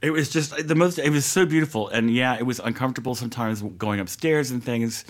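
A man's voice: medium pitch, a little fast. A man co-hosting a casual political comedy talk show, teasing his partner and telling stories in a playful way. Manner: teasing, playful, acts out voices in jest. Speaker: radio show co-host.

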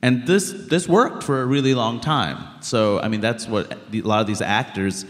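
A thirties-aged stand-up comic from Queens, New York, speaks bluntly and animatedly in a live stage interview, packing his talk with "like." His voice sits mid-range and moves at a moderate pace. The sound carries the reverb of a live hall where he's on the show stage.

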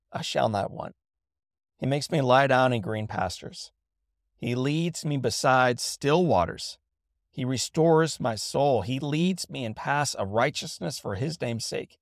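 Middle-aged male host, earnest and measured, gravelly voice, dry close studio sound. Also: mid-range voice, no room sound. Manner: earnest, measured storytelling with reverent readings. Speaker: host and motivational speaker. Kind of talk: reflective spoken essay. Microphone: studio microphone.

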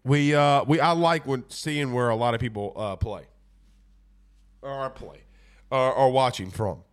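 A man's voice: medium pitch, a little slow, clear, resonant tone. A man with a stuffy, congested voice, hosting a casual sports talk show and rambling through viewer comments. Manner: laid-back, rambling with fillers. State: congested from a cold. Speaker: podcast host.

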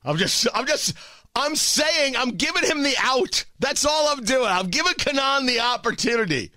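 A male talk radio host with a high, bright voice that leaps around in pitch. He's opinionated, sarcastic and jokey. The studio sound is dry and close. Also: expressive, normal speed, dry recording.

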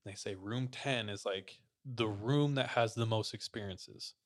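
A man hosting a podcast, casually retelling a listener's ghost story to his co-hosts in a relaxed, slangy way. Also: on the low side, a little slow. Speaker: podcast host.

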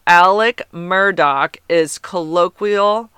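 A woman's voice: on the low side, slow pace, pushed and bright, clear, resonant tone, dry recording, clean studio sound. A woman hosting a podcast, reading listener comments in a rambling, chatty way and correcting herself as she goes. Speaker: podcast host.

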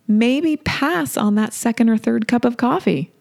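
A middle-aged woman hosting a solo wellness podcast, speaking in a soft, deliberate, affirming way and repeating key phrases. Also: on the high side, vocal fry. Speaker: podcast host and wellness coach.

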